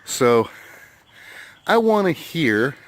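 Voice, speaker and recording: A man's voice: on the high side, big pitch swings, extremely slow, a little hiss or hum. Laid-back chatty American man vlogging. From United States. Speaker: metal detecting vlogger. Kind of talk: casual vlog talk to camera. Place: outdoors at a hunting site and by his truck.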